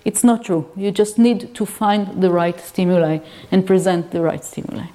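A woman's voice: medium pitch, moderate pace, dark tone. A woman lecturing on reading disorders, explaining step by step and checking in with her listeners. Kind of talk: academic lecture.

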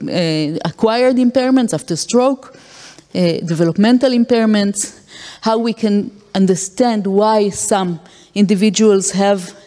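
A woman's voice: mid-range voice, mellow. A woman giving an academic lecture, explaining with acted-out examples and frequent fillers. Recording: long hall reverb.

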